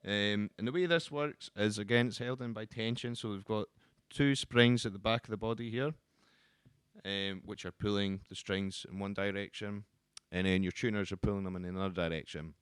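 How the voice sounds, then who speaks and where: A man with a lowish, smooth, clear voice walks through the parts of a guitar in a relaxed teaching manner. He talks loosely, pausing on ums and restarting phrases. The sound is close and dry, with no room around it. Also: no echo. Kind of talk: casual instructional explanation.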